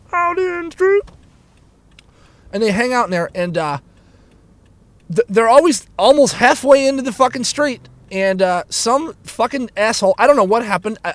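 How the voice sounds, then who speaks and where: A man hosting his own show, ranting profanely and stumbling over restarts while he drives. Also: dry recording. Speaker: podcast host. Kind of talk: casual ranting monologue. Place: inside a moving car. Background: engine rumble of the car.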